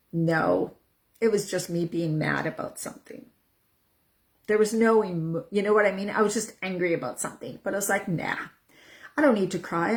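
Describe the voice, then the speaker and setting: A middle-aged woman coaching viewers in a casual talk to camera, earnest and repetitive, often repeating her phrases for emphasis. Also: mid-range voice. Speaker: menopause coach.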